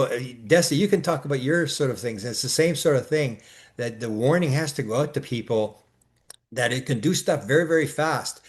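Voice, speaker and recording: Here a man co-hosts a relaxed conversation, his medium-pitched voice running on at length with false starts and filler noises. He livens up noticeably while describing his exchanges.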